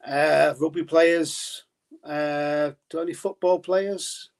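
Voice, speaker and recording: A man's voice: on the high side, steady tone, slow. A man talking as a podcast guest about his darts journalism in a casual, rambling way with many restarts.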